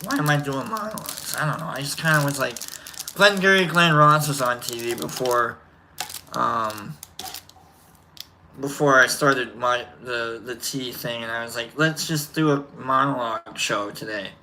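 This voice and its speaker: A man's voice: mid-range voice, normal speed, sharp tone, slight background noise. A man hosting a casual livestream, chatting in a rambling, self-correcting way. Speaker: livestream host.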